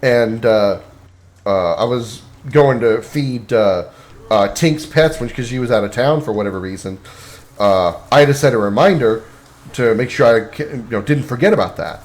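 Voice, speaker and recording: A man's voice: medium pitch, expressive, normal speed. A man streaming a game, chatting casually and rambling with lots of restarts. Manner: rambling, many restarts and fillers. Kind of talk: casual chat while gaming.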